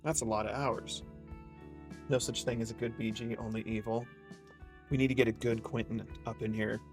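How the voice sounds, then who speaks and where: Gravelly-voiced man streaming a game. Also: medium pitch, little pitch movement, normal speed, music in the background. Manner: playful, profane, joking with chat. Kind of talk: casual live game stream commentary.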